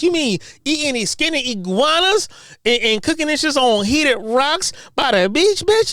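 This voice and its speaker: Woman host, high and very animated, mocking and profane, stammers when heated; dry, close recording. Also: normal speed, dry recording. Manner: profane, mocking, fires rhetorical questions; stammers repeated words when worked up. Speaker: podcast host. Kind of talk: heated podcast rant.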